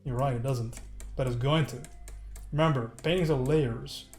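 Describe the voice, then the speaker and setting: A man's voice: mid-range voice, moderate pace, a little mellow, faint music behind. A man streaming a casual digital painting lesson, joking with his viewers as he works. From United States. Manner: casual, joking, talks to chat while painting. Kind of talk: live-stream painting tutorial, chatting with viewers.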